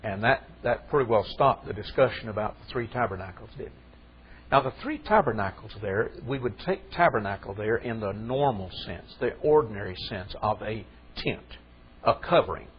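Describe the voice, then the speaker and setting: A man's voice: fairly low pitch, lively intonation, normal speed, husky, muffled recording. A man preaching a sermon in a conversational way that rises into fervent emphasis.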